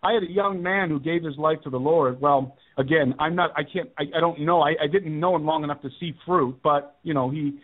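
A man's voice: on the high side, a little fast, few pauses. Earnest man on a tinny phone line. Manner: earnest, emphatic, repeats key points. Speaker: radio show guest. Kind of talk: personal testimony storytelling. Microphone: telephone.

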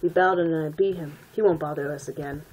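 A woman reading the lines of a protective young male hero in a plain, steady voice. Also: low-pitched, fast, husky, muffled recording. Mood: reassuring.

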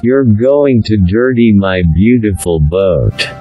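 A man reading the lines of Beauty, a vain spirit, in a slow disdainful tone. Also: on the low side, lively intonation, warm tone, lo-fi sound, soft background music.

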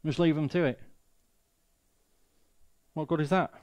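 Mancunian male guest preacher, fairly high voice, emphatic, rhetorical questions. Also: steady tone, a little slow, darkish tone, clear, resonant tone. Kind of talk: sermon.

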